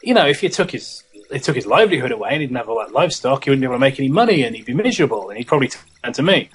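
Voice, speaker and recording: A man's voice: medium pitch, sing-song, very fast, breathy edge, rough recording. A man voicing a smug, scheming Satan in a casual, sarcastic retelling, close to his own voice.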